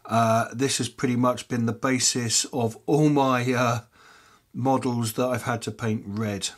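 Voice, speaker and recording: A man hosting a casual miniature-painting tutorial, rambling with lots of fillers and muttering softly to himself as he paints, chewing peanuts as he talks. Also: mid-range voice, steady tone, a little slow. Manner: rambling, chatty, many fillers; chewing peanuts while talking. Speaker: miniature painting hobby channel host.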